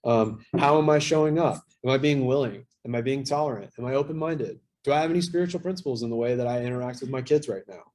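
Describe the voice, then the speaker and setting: A man's voice: medium pitch, fast, hardly any pauses, a little mellow. A man in his thirties sharing candidly at a recovery workshop, talking in a casual, self-deprecating way with plenty of fillers and swearing. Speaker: workshop speaker.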